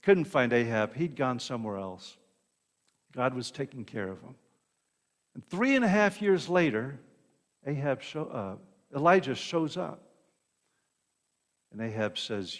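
A man's voice: mid-range voice, very animated, measured pace, pauses often. A man preaching a sermon, retelling a Bible story in a conversational way with asides and restarts. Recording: long reverb of a hall.

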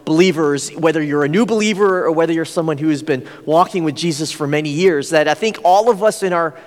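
A man's voice: on the high side, quick pace, in a large hall. A man preaching a sermon, telling a personal story in an earnest way with frequent fillers.

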